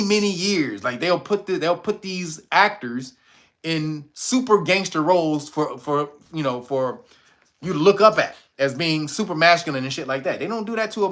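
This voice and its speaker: A man hosting a casual livestream, reading viewer comments and reacting loudly with profanity and frequent laughter. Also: fairly high pitch. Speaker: livestream host reading chat.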